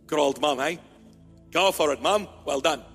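A middle-aged bishop with a high, husky voice gives a lighthearted sermon, playfully teasing his congregation and acting out both sides of little mock conversations. His words ring through a hall with long reverb, and soft music plays faintly beneath.

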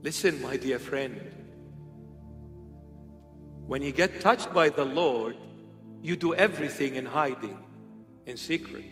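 A man's voice: mid-range voice, takes it slowly, long pauses, a bit bright. A man preaching a humorous, conversational sermon, slipping into playful impressions. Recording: echoey hall with faint music.

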